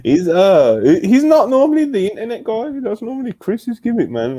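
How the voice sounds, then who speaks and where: A man's voice: high-pitched, very animated, moderate pace, dark tone, no room sound. A British man hosting a wrestling podcast over a remote call, talking in a laid-back way and calling people "bro" and "man". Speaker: podcast host. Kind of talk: casual chat. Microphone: remote streaming call.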